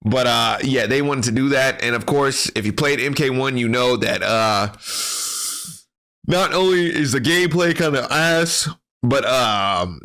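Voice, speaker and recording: A man's voice: mid-range voice, sharp tone. A man giving casual, rambling gaming commentary full of profanity and slang.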